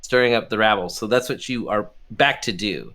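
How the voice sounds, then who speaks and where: A man's voice: fairly low pitch, moderate pace, a loud crowd. A man in casual tabletop narration as game master, rambling with many fillers and laughs.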